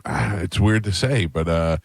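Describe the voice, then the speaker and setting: Low-voiced man hosting morning radio. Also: a little slow, creaky, slightly rough, no room sound, clean studio sound. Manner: relaxed, reflective, asks questions. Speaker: radio show host. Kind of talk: casual morning radio chat. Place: radio studio.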